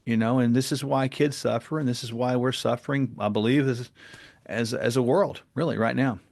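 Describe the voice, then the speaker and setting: Man with a gravelly voice telling a story on a podcast, earnest, gets animated. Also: medium pitch, normal speed. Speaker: podcast guest. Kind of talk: casual interview talk and storytelling.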